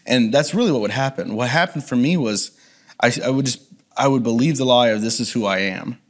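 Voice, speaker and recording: A man's voice: medium pitch, fairly quick. A man reflectively sharing a personal testimony as an interview guest, with frequent restarts. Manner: earnest, reflective, many restarts.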